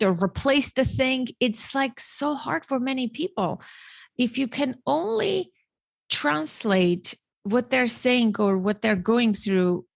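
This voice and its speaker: A woman's voice: mid-range voice, creaky, no echo. A middle-aged woman host and parent educator, talking earnestly in an interview, often restarting and repeating words. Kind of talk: conversational interview.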